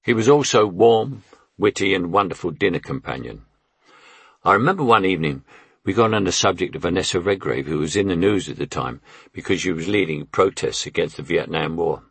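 Deep husky older man telling memoirs. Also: lively intonation, a little fast, fairly bright tone, dry recording. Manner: wry, anecdotal. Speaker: memoir narrator. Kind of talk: memoir audiobook narration.

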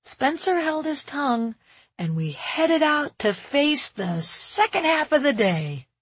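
A woman reading a first-person novel aloud in a wry, expressive way. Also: high voice, slow, dry recording. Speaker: audiobook narrator.

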